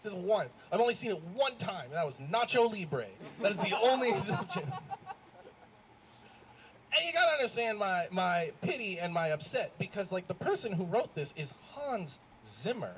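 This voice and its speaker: A man doing a stand-up comedy set on a club stage, rambling and animated with lots of fillers. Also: high voice, normal speed. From Arab American. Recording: live club mic with faint crowd noise.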